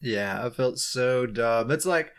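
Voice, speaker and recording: A man co-hosting a relaxed gaming podcast, with a mid-pitched, ordinary voice. He tells his stories in a self-deprecating way, often breaking into light chuckles as he recounts his own mistakes. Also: slow. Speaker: podcast co-host. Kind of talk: casual gaming podcast chat.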